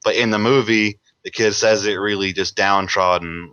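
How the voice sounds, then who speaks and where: A young man co-hosting a podcast, telling quick anecdotes about films with stammers and restarts. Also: fairly low pitch, fairly even intonation, bright, forceful tone, smooth, no room sound, muffled recording. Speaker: podcast co-host. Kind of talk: casual film discussion.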